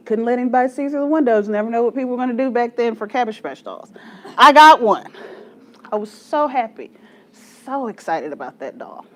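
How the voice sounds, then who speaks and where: Woman in her forties, group leader, fairly high voice with a lot of swing, laughs often and pokes fun at herself. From Texas, USA. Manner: animated, laughs often, self-mocking humor. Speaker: church study group leader. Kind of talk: storytelling talk to a group.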